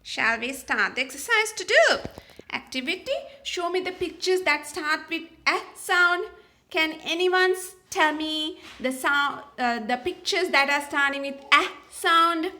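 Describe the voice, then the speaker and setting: A woman teaching phonics to young children, repeating each sound and word slowly and patiently, with small slips and restarts. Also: high-pitched, bright, forceful tone. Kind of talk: slow, sing-song phonics lesson for young children.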